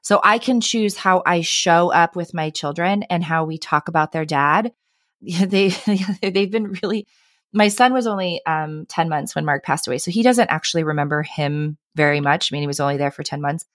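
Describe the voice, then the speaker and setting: A woman's voice: lowish voice, moderate pace, a bit bright, no room sound, clean studio sound. A woman in her thirties, a podcast guest, telling personal stories earnestly and with animation, often adding "right?" and "I mean". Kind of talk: conversational interview.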